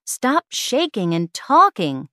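A woman's voice: a little high, very animated, slow pace, fairly bright tone, no echo, studio quality, full character voice. A woman voicing an eager, impatient eleven-year-old girl in a read-aloud story.

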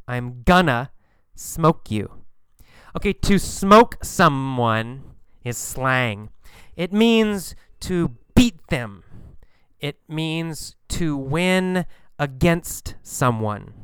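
A man teaching English slang, explaining slowly and patiently, repeating phrases and acting out quoted lines. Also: a little high, clean tone, no room sound. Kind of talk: slow explanatory lesson.

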